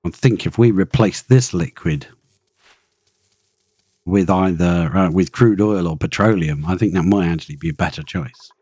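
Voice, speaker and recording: A man's voice: deep voice, normal speed, warm tone, breathy edge, no room sound. A man giving chatty live gameplay commentary, thinking aloud and talking to the creatures in his game. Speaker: streamer playing a colony-building game.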